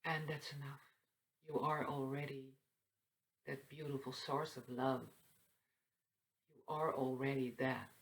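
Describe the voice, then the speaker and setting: A woman hosting a spiritual talk that moves into a guided meditation, speaking softly and meandering, with light laughs. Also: very deep voice, steady tone, rough recording. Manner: soft, slow and meandering, with frequent fillers and light laughs. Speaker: spiritual channel host. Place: seated indoors.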